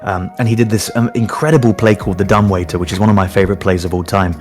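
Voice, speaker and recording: A man, a voice actor, chatting in an interview, animated and self-mocking, laughing often as he tells stories. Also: fairly low pitch, rapid-fire, faint music behind. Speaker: voice actor guest. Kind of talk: casual interview chat.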